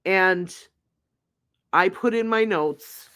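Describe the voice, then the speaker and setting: A man hosting a true crime show, reading his trial notes aloud in a slow, deliberate, halting way. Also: high voice, sharp tone, clear, resonant tone.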